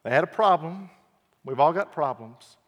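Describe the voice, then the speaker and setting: A man preaching an earnest evening sermon, repeating key phrases and swinging from quiet to loud emphasis. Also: on the high side, animated, moderate pace, muffled recording. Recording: long hall reverb.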